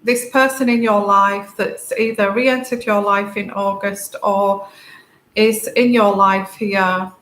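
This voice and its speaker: A woman giving a tarot reading to camera, tearful and crying, talking haltingly with many fillers and restarts. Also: medium pitch, steady tone, a bit bright. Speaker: tarot reader. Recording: echoey room, faint background noise.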